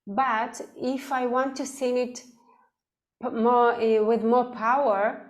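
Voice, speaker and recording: A woman teaching vocal technique in an online class, explaining slowly and singing sample words. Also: a little high, fairly even intonation. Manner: slow, demonstrative, sings sample words.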